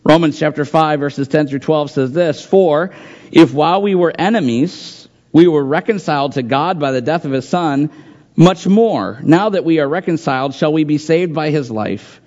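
Earnest preacher man, somewhat high voice. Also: moderate pace, darkish tone, lo-fi sound. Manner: earnest preaching, reads scripture aloud, repeats phrases for emphasis. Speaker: pastor. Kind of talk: sermon.

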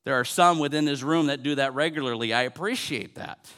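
A man's voice: medium pitch, a little fast, fairly bright tone. A man in his forties, a pastor, preaching a sermon in an earnest way, repeating phrases and building to emphatic peaks. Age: 40s.

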